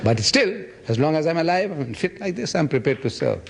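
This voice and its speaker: A man in his seventies giving a public lecture and answering audience questions, telling stories with lively energy. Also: a little fast, creaky, a loud crowd. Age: 70s. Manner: animated storytelling, acts out others' voices with big pitch jumps.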